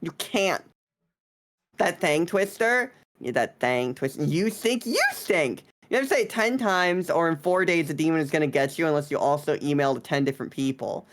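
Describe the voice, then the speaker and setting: A woman's voice: sits low, animated, brisk, few pauses. A woman streamer chatting casually on a live stream, teasing and bratty in a playful way.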